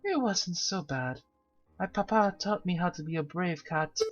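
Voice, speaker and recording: A game player voicing a cheerful, naive young female cat aristocrat with bubbly, sing-song storytelling, over a slightly dull lo-fi recording with soft music behind. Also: mid-range voice, a little slow, voice pushed up, natural voice. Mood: eager.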